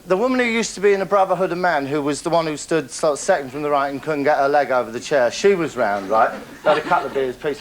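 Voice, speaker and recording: A man's voice: a little high, background noise. A man hosting a comic monologue, boastful and rambling, chuckling at his own stories. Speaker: comedy character host.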